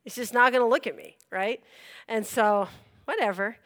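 Bright, high-voiced woman telling a story. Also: moderate pace. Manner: expressive, acts out her own reactions with laughs. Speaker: speaker telling a personal story. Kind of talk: animated personal storytelling.

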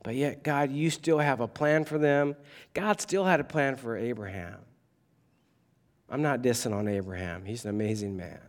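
A man preaching a sermon, animated and conversational, with humor and asides to the congregation. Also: medium pitch, normal speed. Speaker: pastor.

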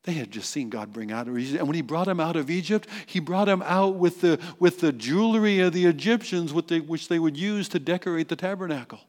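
A male pastor preaching a sermon as animated storytelling, acting out the quotes. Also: a little high, a little fast, few pauses. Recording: long reverb in a large hall.

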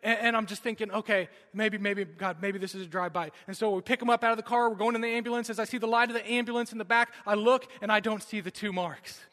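High bright-voiced preacher in a big hall. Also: male voice, fairly even intonation, quick pace, hardly any pauses. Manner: dramatic storytelling, swinging from loud urgency to hushed. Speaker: pastor. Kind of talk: sermon with personal story. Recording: long hall reverb.

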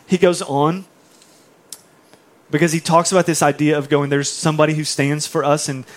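A pastor delivers his sermon in a casual, emphatic style. His voice sits a little higher than most men's, and he keeps turning to the congregation with quick asides. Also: level tone. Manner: conversational, emphatic, asks the congregation "right?". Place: church.

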